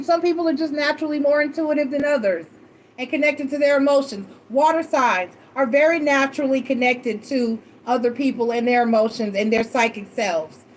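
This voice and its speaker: A woman tarot reader telling a personal story in casual chat, animated and emotional, swearing freely. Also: high voice, slight background noise.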